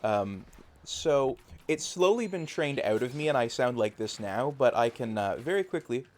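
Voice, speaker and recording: Streaming a game live from home, this man from rural Canada chats casually as he plays. His mid-range voice is animated and moves at a normal speed, and his Canadian accent comes through as he rambles, full of fillers.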